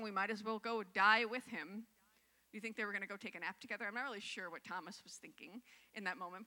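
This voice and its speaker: Woman pastor, young adult, sermon that mixes scripture reading with conversational reflection, bright tone, reverberant hall. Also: medium pitch.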